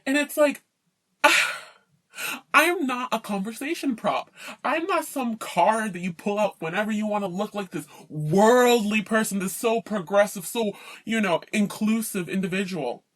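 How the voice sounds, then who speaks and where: Woman, vlogger, indignant rant, emphatic, worn out, mid pitch. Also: normal speed, a bit bright. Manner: indignant, emphatic, mocking impressions of landlords. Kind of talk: personal rant to camera.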